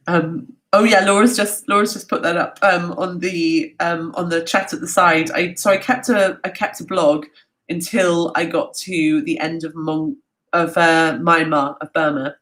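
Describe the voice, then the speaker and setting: A woman's voice: low voice, a bit bright, low-quality recording. A woman talking casually in a live Q&A, chatty and self-mocking, with many fillers and restarts. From half British. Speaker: travel speaker answering audience questions.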